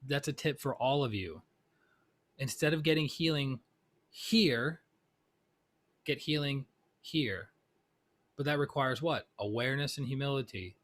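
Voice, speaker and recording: A man's voice: mid-range voice, measured pace, long pauses, fairly bright tone. A middle-aged man, a spiritual teacher, telling a personal story in a conversational talk and often checking in with "right?". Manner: conversational, keeps asking "right?".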